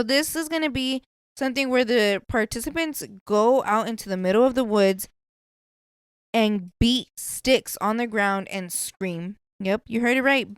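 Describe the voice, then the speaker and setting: A woman's voice: medium pitch, clean tone, no room sound. A woman hosting a podcast, chatting casually in a blunt, profane way. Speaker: podcast host.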